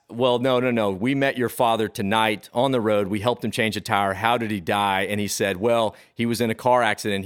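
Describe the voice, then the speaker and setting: A man's voice: lowish voice, a bit bright. A man from the Austin area, telling a spooky story on a podcast in a chatty, meandering way. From Texas, Austin area. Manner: chatty, drawn-out, with fillers and restarts. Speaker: podcast co-host. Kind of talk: casual storytelling of a spooky true tale.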